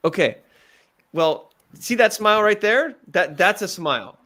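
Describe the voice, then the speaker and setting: Animated man coaching a pitch. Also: a little slow. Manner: animated and direct, acts out examples. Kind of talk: live pitch coaching feedback.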